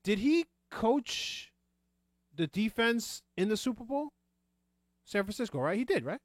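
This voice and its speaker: A man's voice: high-pitched, sing-song, unhurried, no echo, studio quality. A man giving his opinions on a casual sports talk show, hesitant, with many ums and restarts. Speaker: podcast co-host.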